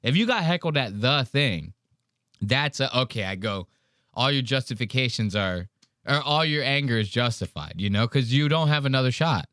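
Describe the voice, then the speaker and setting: A man's voice: mid-range voice, animated, normal speed, a bit bright, no room sound, studio quality. Blunt, profane male podcast host. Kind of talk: casual podcast chat reacting to a clip.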